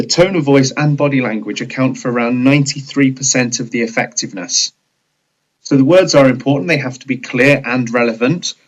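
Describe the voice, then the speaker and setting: A man narrating a scripted leadership training video in a measured, explanatory way. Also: mid-range voice, dull audio.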